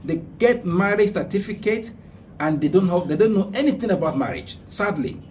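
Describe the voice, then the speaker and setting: A man's voice: high voice, lively intonation, normal speed, a little mellow, far from the mic. Man, radio host, earnest preaching advice, repeats for emphasis, faint background noise. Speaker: radio talk show host. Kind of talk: religious advice talk. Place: radio studio.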